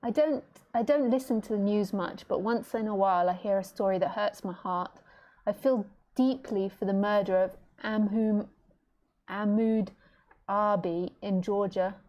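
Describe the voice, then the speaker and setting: A middle-aged woman teacher giving a casual online talk from home, chatty and warm with her listeners, laughing easily. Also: medium pitch, normal speed. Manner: chatty, laughing, baby-talks to her pet. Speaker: spiritual teacher.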